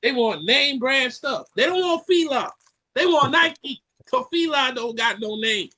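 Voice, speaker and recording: A Caribbean man hosting a podcast, ranting in an animated way and repeating lines for effect. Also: very high-pitched, a little slow. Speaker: podcast host. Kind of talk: casual chat.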